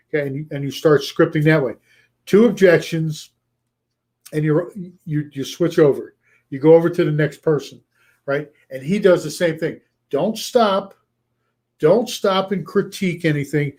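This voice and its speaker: A man coaching a live online audience in an energetic, conversational voice that sits a touch higher than most men's. He hammers home points by repeating them and slips into quick acted snippets of phone calls. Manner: energetic, repeats key phrases for emphasis; acts out short role-play lines with a lifted voice. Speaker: coach hosting a weekly live show. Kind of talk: casual coaching talk to a live chat.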